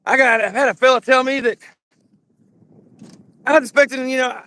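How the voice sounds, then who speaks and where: A man's voice: very high-pitched, steady tone, moderate pace, bright, forceful tone, dry recording. A man with a Southern Kentucky accent hosting a garage channel, rambling and swearing in a joking way as he shows off his truck. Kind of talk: casual garage walkthrough.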